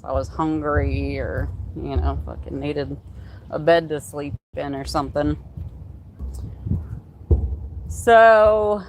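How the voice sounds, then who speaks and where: A woman's voice: deep voice, takes it slowly, a little mellow, slight background noise. A young adult woman hosting a livestream, telling a candid personal story in casual, heavily profane talk. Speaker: livestream host.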